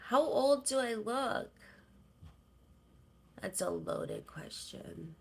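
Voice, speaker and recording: Chatty Canadian woman, slightly high voice. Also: lively intonation, drawn-out words, gravelly, slight background noise. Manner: chatty, coos softly to her cats. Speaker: livestream host. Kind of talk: casual livestream chat.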